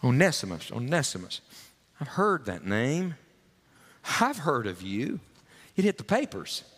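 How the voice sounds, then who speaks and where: A man's voice: mid-range voice, big pitch swings, unhurried, fairly bright tone, slightly rough, in a large hall, exaggerated voice. A male preacher voicing a curious, talkative traveler who pries with folksy questions. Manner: nosy, prying questions, folksy.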